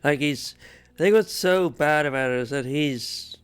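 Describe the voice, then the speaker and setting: A man's voice: fairly high pitch, normal speed, smooth. An Irish man co-hosting a podcast in casual chat. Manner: short agreeing backchannels. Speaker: podcast co-host.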